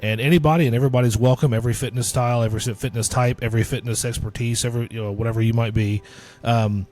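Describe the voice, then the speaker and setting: A man's voice: mid-range voice, steady tone, racing, darkish tone. A man, co-hosting a podcast and plainly announcing community events in an upbeat way. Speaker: podcast co-host. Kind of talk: casual podcast chat.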